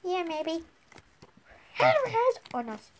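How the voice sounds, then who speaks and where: Young woman, high voice, slow unhurried delivery, giggly, playful. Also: expressive, a little hiss or hum. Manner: playful, giggly, keeps restarting. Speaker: channel host. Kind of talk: giggly casual vlog chat.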